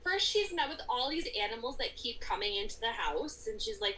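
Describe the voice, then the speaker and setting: Bright, animated woman reviewing a book. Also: sits high, moderate pace, hardly any pauses, a little hiss or hum, rough recording. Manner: animated, laughs often, retells scenes in voices. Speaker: book podcast co-host. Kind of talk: casual book review chat.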